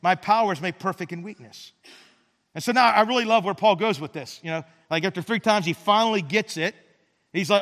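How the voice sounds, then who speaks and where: A man preaching a sermon as a pastor, earnest, often repeating words as he restarts and dropping to soft emphasis. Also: high voice, brisk, long reverb tail.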